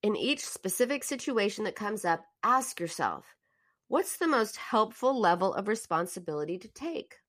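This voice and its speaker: A woman's voice: medium pitch, big pitch swings, normal speed, a bit bright. A woman host talking through listener comments and telling stories in a reflective, anecdotal way, often restarting her sentences. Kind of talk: casual live-stream talk about self-help.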